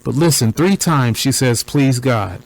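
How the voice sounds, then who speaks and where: A man with a mid-range voice talks through a recording point by point. His delivery is deliberate and preacher-like, with repeated phrases for emphasis. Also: medium pitch, expressive, gravelly, low-quality recording. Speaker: commentator. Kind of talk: commentary on a recording.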